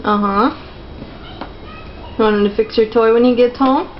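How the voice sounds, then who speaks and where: A mother filming at home, talking slowly and coaxingly in sing-song baby talk to her toddlers. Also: fairly high pitch. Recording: dull lo-fi sound with steady background noise.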